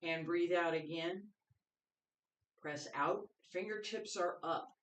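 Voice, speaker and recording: A qigong instructor leading a guided movement class, giving calm, step-by-step breathing cues. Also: mid-range voice, slow pace. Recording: roomy echo, voice picked up from a distance.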